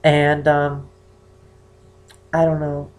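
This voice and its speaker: An eighteen-year-old man with a naturally high voice, chatting to camera in a rambling, self-conscious way. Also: completely flat delivery, extremely slow. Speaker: vlogger answering a viewer question. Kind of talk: casual chat to camera.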